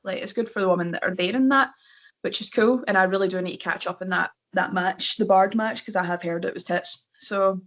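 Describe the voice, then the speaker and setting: A young Scottish woman, a wrestler, chatting casually as a podcast guest with lively storytelling. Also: mid-range voice, fairly quick. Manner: lively storytelling, mimics other people's voices. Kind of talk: casual chat.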